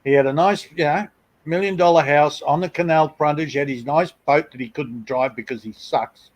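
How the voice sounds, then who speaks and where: Middle-aged aussie bloke on a live stream, kinda high voice, crude and blunt, mocks people. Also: male voice, moderate pace, rough recording. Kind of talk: casual chat.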